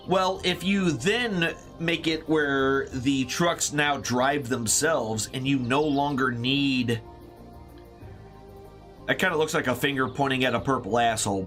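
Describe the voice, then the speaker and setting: A man streaming a video game, cracking crude jokes and laughing at himself, low on energy with a headache. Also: fairly bright tone. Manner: jokey and self-mocking, laughs often. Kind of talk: let's play commentary.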